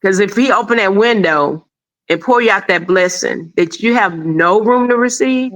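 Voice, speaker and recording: A middle-aged woman guest talks in an encouraging, preacherly tone. Her voice is bright and clear, and sits at a middle pitch. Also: normal speed, poor audio. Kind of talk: casual chat.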